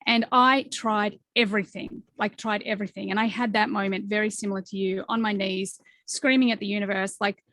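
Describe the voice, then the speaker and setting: In a dry recording, a fortysomething woman hosts a podcast interview, earnest and reflective and full of filler words. She talks fairly quickly in a medium pitch, with a fairly bright tone and fairly even intonation.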